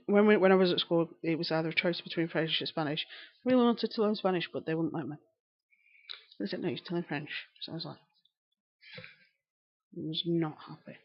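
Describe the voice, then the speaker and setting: Woman, Yorkshire accent, rambling live-stream chat, knitting while talking, slightly muffled audio. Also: on the low side. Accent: Northern English, Yorkshire. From England. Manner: chatty, rambling, answering viewers' comments while knitting.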